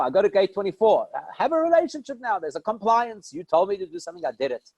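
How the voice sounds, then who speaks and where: A man's voice: high-pitched, very animated, fast talker, few pauses, darkish tone, no echo, low-quality recording. A man from South Africa giving a conversational Torah lesson, posing questions and answering them himself. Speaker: rabbi teaching a class. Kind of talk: Torah lecture.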